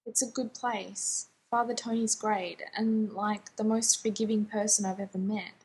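A woman reading the part of a grieving young man who pleads softly and apologetically to his younger brother in a fan fiction reading. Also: mid-range voice, fairly even intonation, normal speed, slightly rough. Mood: pleading.

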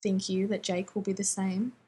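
A woman voicing a grave older male gunslinger who speaks slowly, cautiously and formally. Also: medium pitch, little pitch movement, mellow, slight background noise, close to an everyday voice. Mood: solemn. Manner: slow and cautious.

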